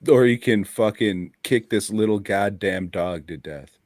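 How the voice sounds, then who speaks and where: A man's voice: lowish voice, unhurried, darkish tone, no room sound, studio quality. A man co-hosting a casual podcast chat, blunt and profane, laughing often. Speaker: podcast co-host.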